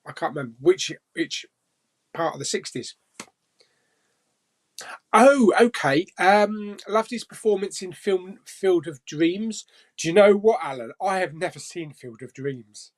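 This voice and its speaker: A man's voice: high voice, expressive, measured pace. A man hosting a casual live chat stream and reading viewer comments, jokey, laughing often and swearing casually.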